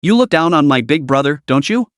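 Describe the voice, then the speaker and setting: A man voicing a brash, trash-talking male magpie beast who bullies others loudly. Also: on the high side, animated, fairly quick, dry recording, studio quality, natural voice. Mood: sneering bully. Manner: sneering, bullying, loud.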